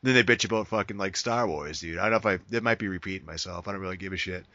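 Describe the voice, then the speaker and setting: Low bright-voiced man ranting about games. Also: racing, dry recording. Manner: profane, ranting, says "dude" constantly. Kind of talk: casual gaming chat. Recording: dull, dry lo-fi sound.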